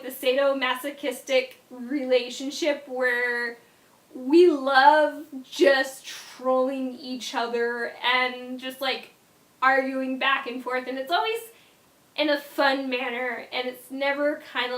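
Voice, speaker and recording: A young woman vlogger telling a casual story in an animated way, often dropping into quiet asides. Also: high voice, slow pace, reverberant.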